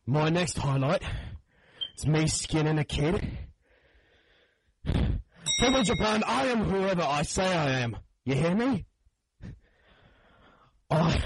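Man doing a slow, husky gun-toting wrestler maniac. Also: mid-range voice, full character voice, rough recording. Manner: menacing, rambling, says "me" for "my". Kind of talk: improvised comedy impression.

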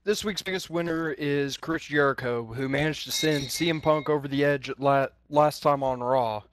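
A man giving his picks on a podcast, halting and full of fillers. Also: on the high side, no room sound, studio quality. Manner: halting, many fillers and pauses. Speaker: podcast panelist. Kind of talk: casual chat.

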